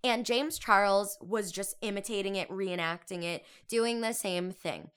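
Bright, animated young woman host. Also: mid-range voice, clear, resonant tone. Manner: animated and exclamatory, quick asides. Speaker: podcast host. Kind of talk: casual chatty monologue.

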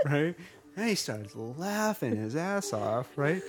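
A woman's voice: fairly low pitch, drawn-out words, pauses often. A woman podcast co-host telling a story casually and animatedly, dropping "right?" after almost every line. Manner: animated, keeps saying "right?".

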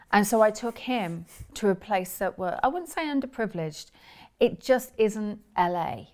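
A woman's voice: medium pitch, lively intonation, a little slow, darkish tone. Earnest woman in her forties. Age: 40s. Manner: earnest, rambling, with restarts. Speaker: guest, spiritual teacher. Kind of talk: conversational interview storytelling.

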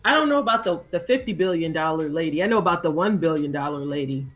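A woman's voice: sits low, quick pace, soft background music. A woman co-hosting a casual chat show, telling stories and acting out the people in them. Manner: animated, acts out quoted voices. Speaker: co-host.

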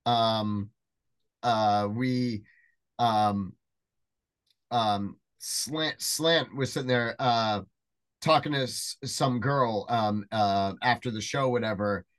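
A man's voice: medium pitch, takes it slowly, a bit bright. A man hosting a podcast, telling stories in a casual, rambling way with lots of fillers. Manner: rambling storyteller, many fillers and restarts. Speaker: podcast host. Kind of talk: casual chat.

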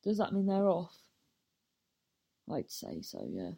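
A woman's voice: on the low side, wildly swooping pitch, slow, creaky, dark tone, breathy edge. A young woman, a stand-up comedian, telling stories in a scattered, self-interrupting way and swearing casually. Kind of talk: rambling casual monologue.

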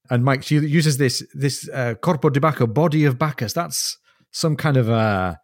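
A man's voice: mid-range voice, normal speed, no echo, clean studio sound. A man co-hosting a podcast, chatting eagerly about a novel and reading passages aloud. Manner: enthusiastic, reads quoted passages aloud with laughs. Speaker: podcast co-host. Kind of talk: casual book discussion.

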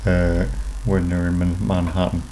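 A man's voice: deep voice, completely flat delivery, measured pace, warm tone, faint music behind, low-quality recording. A man co-hosting a podcast in casual chat, with dry, teasing humour. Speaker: podcast co-host.

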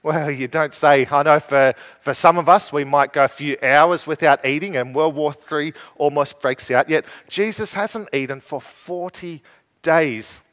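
A man's voice: fairly high pitch, measured pace, fairly bright tone. A man preaching a sermon in a conversational way, asking his listeners rhetorical questions. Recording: long reverb from a hall.

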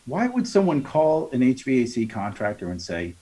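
A man with a medium-pitched voice talks as a sales trainer in a relaxed interview. He coaches as he goes, slipping into the voices of customers and salespeople to act out their lines. He keeps checking in with a quick "right?". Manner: coaching tone, acts out customer dialogues, frequent tag "right?". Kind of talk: conversational podcast interview.

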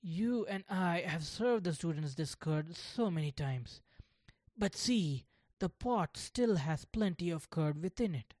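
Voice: medium pitch, lively intonation, takes it slowly, darkish tone, no echo. A storyteller voicing a firm, questioning schoolteacher in a children's storybook. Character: schoolteacher, stern then humbled.

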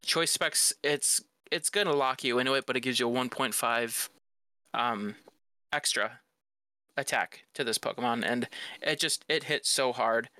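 Bright, crisp-voiced man talking games. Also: mid-range voice, measured pace, no echo. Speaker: podcast co-host. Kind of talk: casual gaming chat.

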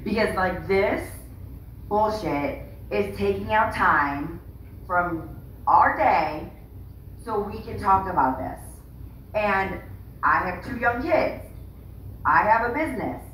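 A woman's voice: mid-range voice, animated, takes it slowly, long pauses, a bit bright. A woman podcast co-host talking in a fired-up, indignant way in casual chat. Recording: roomy, distant mic, faint noise.

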